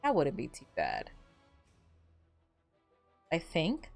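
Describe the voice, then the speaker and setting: A woman's voice: low voice, wildly swooping pitch, slow pace, vocal fry, no echo, soft background music. A woman streamer chatting casually while playing a game, telling stories in a rambling way full of fillers. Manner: rambling, filler-heavy storytelling. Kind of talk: casual gameplay chat.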